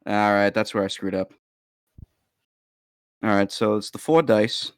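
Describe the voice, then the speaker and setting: A man's voice: fairly low pitch, fairly even intonation, unhurried, clear, resonant tone, no room sound, clean studio sound. A man playing in a tabletop game, chatting casually, hesitant and self-deprecating. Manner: self-deprecating, hesitant, laughs at his own slips. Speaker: player.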